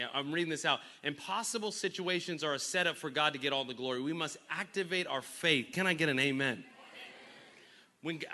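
A man preaching a sermon with a bright, cutting voice pitched a little high. He drives call-and-response with the crowd, dropping low and quiet, then rising to shouts. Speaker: pastor.

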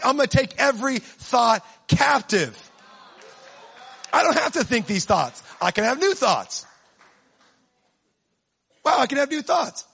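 Guy preaching, really high voice, kinda husky, jokes around then yells. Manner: animated, swings from low asides to shouting, humorous. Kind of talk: sermon.

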